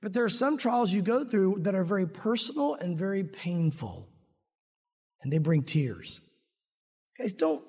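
Male preacher, high voice, earnest sermon delivery, reverberant hall sound. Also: a little mellow, husky. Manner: earnest, rises to emphatic when confronting sin. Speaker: pastor.

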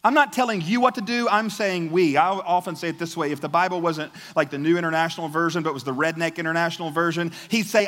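A man preaching a sermon as a pastor, in a conversational, animated way that often repeats words. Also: a little high, fast, few pauses, long reverb tail.

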